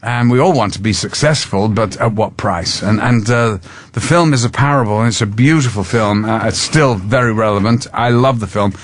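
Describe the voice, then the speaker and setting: A man's voice: lowish voice, moderate pace. A man in his sixties, a guest actor on a talk show, telling stories in a chatty, amused way. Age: 60s. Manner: chatty, amused, slips into character voices. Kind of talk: casual interview storytelling.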